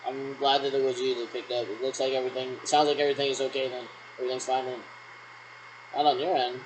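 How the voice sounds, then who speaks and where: A man's voice: mid-range voice, fairly even intonation, brisk, pauses often, slight background noise, poor audio. A man rambling through pretend radio checks on his own, ending turns with "over". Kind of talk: solo role-played radio checks.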